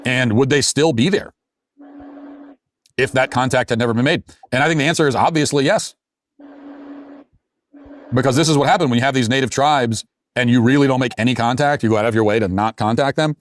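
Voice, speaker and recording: A man making a measured argument in a calm, lecturing manner. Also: medium pitch. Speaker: commentator in a played clip.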